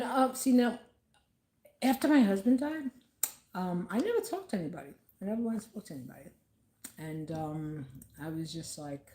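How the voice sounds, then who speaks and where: A woman vlogging from home, talking casually and haltingly about grief with many fillers. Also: deep voice, dark tone, echoey room.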